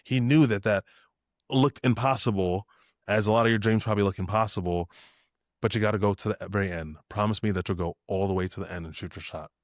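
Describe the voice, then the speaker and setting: A young man appears as a podcast guest, telling lively stories at a fast clip and acting out other people's lines in shifted voices. His voice is lowish with fairly even intonation, recorded in studio quality with no room sound.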